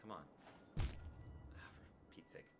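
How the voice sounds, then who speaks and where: A man's voice: takes it slowly, a little mellow. A man streaming a video game live, talking earnestly and directly to his viewers in casual chat. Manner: earnest, talks straight to viewers.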